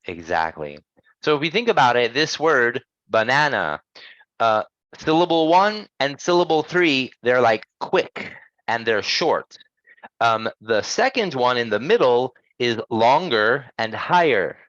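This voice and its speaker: A man teaching English pronunciation, patiently correcting students and modelling sounds slowly. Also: medium pitch, very animated, fairly bright tone, no echo. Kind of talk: online language lesson. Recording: dull, dry lo-fi sound.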